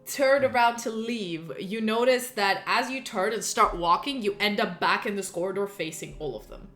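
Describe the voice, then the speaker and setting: A woman's voice: medium pitch, moderate pace, fairly bright tone, faint music behind. A woman narrating a tabletop role-playing game as game master.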